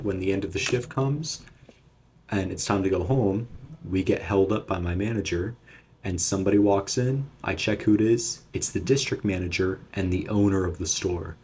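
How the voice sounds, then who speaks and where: A man's voice: deep voice, a little mellow, a little hiss or hum. A young man telling a storytime vlog in a casual, rambling, profane way. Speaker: vlogger.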